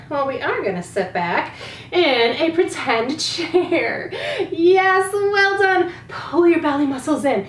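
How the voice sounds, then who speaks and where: A woman's voice: high voice, far from the mic, slight background noise. A woman teaching a children's yoga class, giving encouraging sing-song cues and a little out of breath. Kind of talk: guided kids' yoga class. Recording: roomy, off-mic with faint music.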